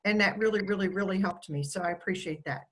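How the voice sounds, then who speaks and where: A woman's voice: medium pitch, fast talker, poor audio. Woman on a zoom call telling stories about a student, kind and storytelling, medium voice. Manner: warm storytelling, quotes the student fondly. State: getting emotional. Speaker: school staff member giving an award speech. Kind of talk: heartfelt speech on a video call. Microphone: video call.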